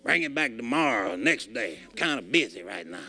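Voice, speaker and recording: A man's voice: medium pitch, sing-song, fairly quick, bright, forceful tone, faint music behind, voice pushed down, exaggerated voice. A man voicing a curt, busy radiator mechanic who brushes off a customer. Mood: brushing off. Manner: curt and dismissive.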